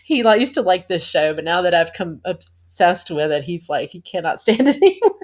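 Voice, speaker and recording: A woman's voice: lowish voice, big pitch swings, moderate pace, darkish tone. A woman in her thirties giving a rambling, gushing fan review of a TV episode, laughing and sighing as she talks.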